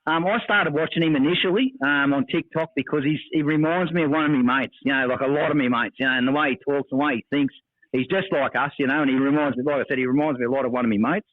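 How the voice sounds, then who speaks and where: A man's voice: a little high, fairly even intonation, fast, no echo. Australian man on a tinny dry line. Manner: rambling, hesitant, swears casually. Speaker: podcast host. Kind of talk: casual chat. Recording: dry, tinny phone-like sound.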